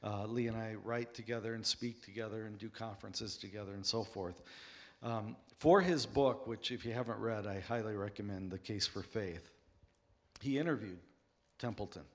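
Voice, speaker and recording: A man's voice: lowish voice, moderate pace. A man speaking earnestly on a conference panel and telling personal anecdotes. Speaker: author and apologist on a panel. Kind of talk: panel discussion, storytelling.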